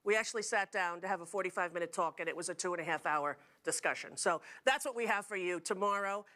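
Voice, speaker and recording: A woman's voice: fairly low pitch, fast, sharp tone. A middle-aged woman hosting a talk show, telling jokey stories to a studio audience. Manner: chatty, jokey storytelling with frequent laughs.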